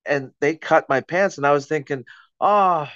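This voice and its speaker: A man's voice: a little high, fairly even intonation, fairly quick, fairly bright tone, no room sound, dull audio. A man, a podcast guest, telling a personal story in conversation with vivid, dramatic retelling and acted-out quotes.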